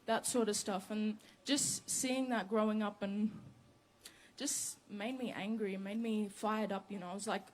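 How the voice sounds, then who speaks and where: A young woman, a rapper talking earnestly to a live crowd between songs, quietly and quickening when excited. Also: medium pitch. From Northern Territory, Australia. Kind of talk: onstage talk between songs. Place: outdoor festival stage.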